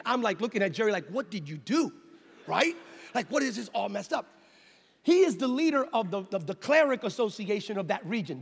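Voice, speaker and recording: A man preaching a sermon, telling a story with acted-out dialogue and building into shouted passages. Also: high-pitched, vocal fry, husky. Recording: long hall reverb with faint music.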